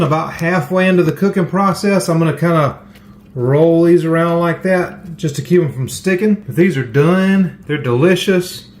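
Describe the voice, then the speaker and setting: A middle-aged man with a Southern American accent, demonstrating a recipe as the host of a cooking channel in a folksy, chatty way. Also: high-pitched.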